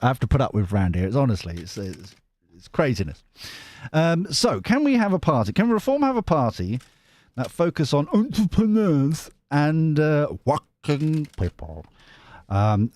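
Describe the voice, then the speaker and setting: A man's voice: a little high, a little mellow, dry recording. A man hosting a casual tarot live stream, chatty and giggly with lots of restarts.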